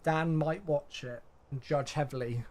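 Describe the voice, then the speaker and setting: A man's voice: fairly high pitch, unhurried. A man streaming a flight sim, chatting casually with viewers and tired from the day. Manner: chatty, reads chat aloud, thanks subscribers. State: tired, yawning. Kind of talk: casual live-stream chat.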